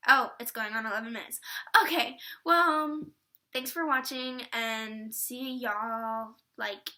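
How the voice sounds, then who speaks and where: A woman's voice: fairly high pitch, a little slow, bright, forceful tone. A teenage girl vlogging in a casual, rambling way with lots of fillers, from the Atlanta area. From Atlanta area, US Southern. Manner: bubbly, rambling with many fillers. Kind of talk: casual chat.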